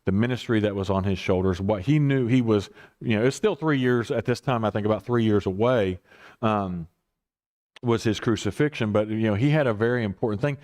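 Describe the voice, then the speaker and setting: A man's voice: on the low side, a little fast, darkish tone. A man leading a casual Bible study as pastor, rambling and correcting himself with chuckling asides.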